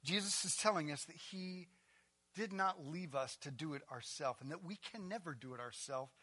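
A pastor preaching a sermon, firing rhetorical questions and dropping to a hush for emphasis, sometimes repeating himself. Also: male voice, fairly high pitch, normal speed, breathy edge.

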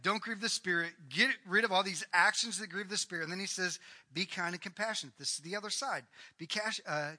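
Bright-voiced animated male pastor preaching. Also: a little high. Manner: animated, rising to loud emphatic bursts. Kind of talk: sermon.

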